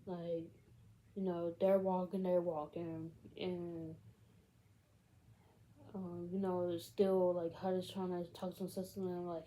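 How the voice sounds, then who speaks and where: A woman's voice: on the low side, level tone, takes it slowly, pauses often, dark tone, a little hiss or hum, rough recording. A woman casually retelling a film's plot in a rambling way, filling every gap with "like" and "you know". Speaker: film recap vlogger.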